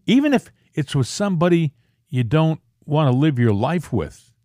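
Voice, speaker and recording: A man's voice: very animated, normal speed, mellow, no room sound, clean studio sound. Opinionated man on a political talk show. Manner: opinionated, emphatic, pushes pitch up when stressing a point. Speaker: co-host.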